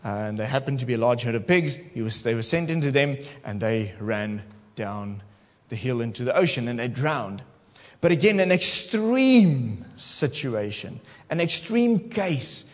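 A male pastor preaching a sermon in an animated way, talking straight to his congregation in church. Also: mid-range voice, unhurried, long reverb tail.

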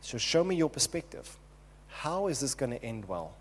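A man's voice: mid-range voice, very animated, normal speed. A man preaching who voices King David as a desperate man pleading urgently with God. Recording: long hall reverb.

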